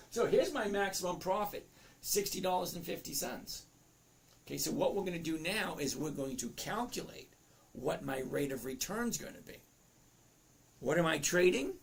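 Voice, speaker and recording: In a live trading lesson, a man in his fifties chats away, reads out viewer comments and keeps interrupting himself. His cracking voice has a fairly high pitch, animated delivery, normal speed and vocal fry.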